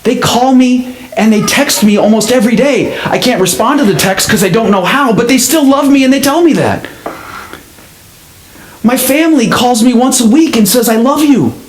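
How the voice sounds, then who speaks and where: A man putting on a defiant older woman, high-voiced. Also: expressive, moderate pace, a little hiss or hum, natural voice. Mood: indignant. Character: wealthy older woman on a rooftop ledge, defiant. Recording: echoey church sanctuary.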